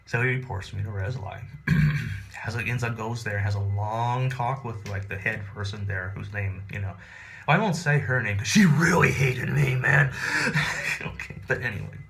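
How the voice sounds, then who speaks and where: A man telling a personal story in a rambling, animated, profane, casual way. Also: fairly low pitch, moderate pace, creaky, slight background noise.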